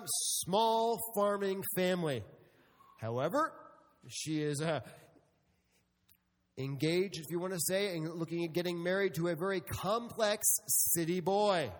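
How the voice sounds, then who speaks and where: Middle-aged male pastor, high voice, humorous storyteller, church hall reverb. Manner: storytelling with humor, addressing the congregation. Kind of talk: sermon.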